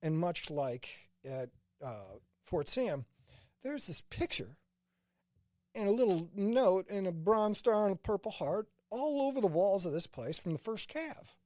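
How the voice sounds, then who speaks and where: A man's voice: high voice, unhurried, no echo, clean studio sound. A man from St. Louis, a former combat medic, telling stories in a casual interview and quoting people along the way. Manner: animated anecdotes, quoting others in dialogue.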